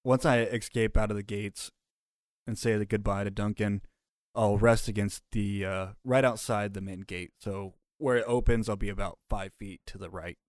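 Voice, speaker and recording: A man's voice: fairly low pitch, steady tone, moderate pace, dry recording, studio quality. A man playing a tabletop game, casual and hesitant, often restarting his sentences. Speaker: player.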